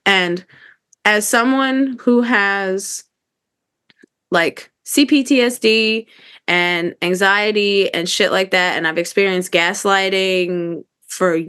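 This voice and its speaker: A woman's voice: mid-range voice, slow, a bit bright, clear, resonant tone. A woman co-hosting a podcast in casual chat, telling stories candidly and animatedly, with some swearing. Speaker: podcast co-host.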